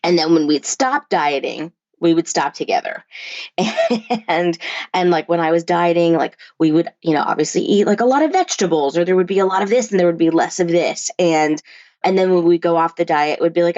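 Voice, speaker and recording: A woman's voice: lowish voice, a little fast, darkish tone, dry recording. A woman therapist talking as a podcast guest, telling her story frankly with many fillers and restarts. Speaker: therapist and body-image coach, podcast guest. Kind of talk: candid conversational storytelling. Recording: dull lo-fi remote recording.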